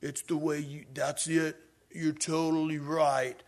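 A man doing a slow, dopey drunk guy. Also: a little high, level tone. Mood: dopey agreeing. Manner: slow, drawn-out, dopey delivery. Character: drunk male partygoer at a parade.

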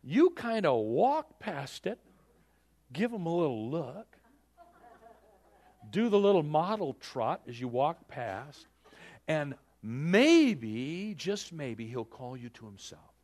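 Man doing a sly older uncle, coaxing, conspiratorial, slightly high voice, lively. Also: slow pace, exaggerated voice.

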